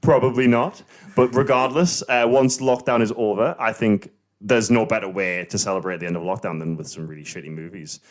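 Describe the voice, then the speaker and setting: A man's voice: on the low side, fairly quick. A man in his late twenties hosting a casual podcast chat with friends, rambling and hesitant, swearing freely. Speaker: podcast host.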